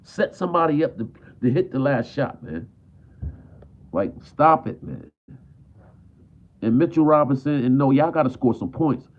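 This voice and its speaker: A frustrated man vents about his team on a live stream, circling back to the same complaints again and again. His voice sits at an ordinary pitch and comes through thin and phone-like. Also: lively intonation, normal speed, long pauses. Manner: frustrated, repetitive, peppers talk with "man". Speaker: basketball fan streamer. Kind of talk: live stream sports rant. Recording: tinny phone-like audio.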